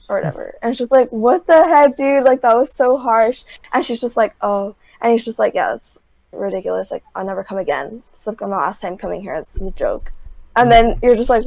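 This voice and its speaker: A woman's voice: fairly high pitch, creaky, no room sound. Chatty young woman, constant "like". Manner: filler-heavy, says "like" constantly; animated storytelling, acts out quotes. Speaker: podcast guest. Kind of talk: casual retelling of a reality show.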